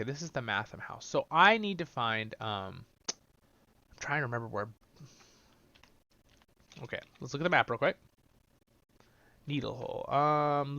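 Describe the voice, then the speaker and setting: Casting: male game host, lively up-and-down delivery, dull dry mic sound. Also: medium pitch, vocal fry, no echo. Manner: chatty, talks straight to viewers. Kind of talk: let's-play game commentary.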